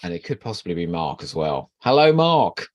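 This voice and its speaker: A man's voice: deep voice, fast, darkish tone, no room sound, highs cut off. A man hosting a livestream, chatting casually and teasing his co-host with flirty banter before the show starts. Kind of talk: casual pre-show chat.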